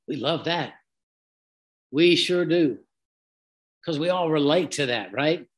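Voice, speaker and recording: An earnest man talks through a devotional teaching on his podcast. He takes his time, unhurried and reflective, with folksy asides. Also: high-pitched, a bit bright. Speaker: Christian podcast host.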